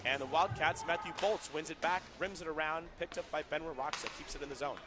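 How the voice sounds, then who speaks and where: Male play-by-play caller, casual and chatty, sudden excited bursts, raised pitch, over loud background music. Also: fast talker. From Southern California. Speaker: play-by-play commentator. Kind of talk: live roller hockey commentary. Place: indoor roller hockey rink.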